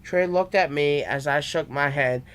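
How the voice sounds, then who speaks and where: A man's voice: fairly high pitch, unhurried, fairly bright tone. A young man reading his own fan story aloud, with small stumbles and restarts.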